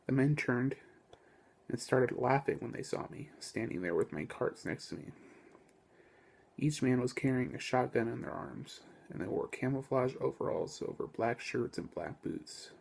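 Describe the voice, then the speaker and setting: A man's voice: medium pitch, lively intonation, moderate pace, vocal fry, a little mellow, slightly rough. A man steadily reading his own novel aloud in the first person. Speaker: author reading his book.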